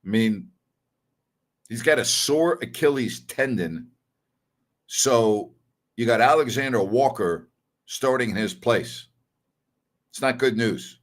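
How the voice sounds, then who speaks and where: A man's voice: medium pitch, animated, slow pace, long pauses. A man hosting a sports talk show, giving blunt, opinionated commentary in a casual, conversational way. He repeats his points for emphasis and takes back his own harsh words. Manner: conversational, with fillers and self-corrections.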